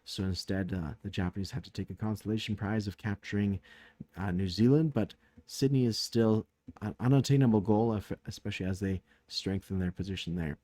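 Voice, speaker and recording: A man's voice: lowish voice, fairly quick, mellow. A man casually recapping a turn of a strategy board game, thinking aloud with many fillers, tired late at night.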